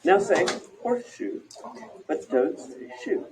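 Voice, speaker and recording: Male narrator, very slow and expressive, encouraging teacher tone, recorded off-mic. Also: sits high, noisy background. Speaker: instructional video narrator. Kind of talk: scripted instructional narration. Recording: distant from the mic.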